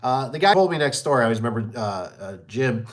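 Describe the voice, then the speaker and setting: A man's voice: medium pitch, lively intonation, quick pace. A man telling rambling stories about his business in a casual live chat, often repeating himself and acting out the people he quotes. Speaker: small business owner hosting a live stream. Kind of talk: casual storytelling.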